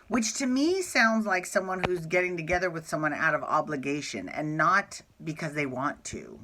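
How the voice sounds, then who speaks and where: A man's voice: a little high, expressive, sharp tone. Chatty gushing man recapping soaps. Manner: chatty and gushing, quick asides and apologies. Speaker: soap opera recap host. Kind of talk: casual chat.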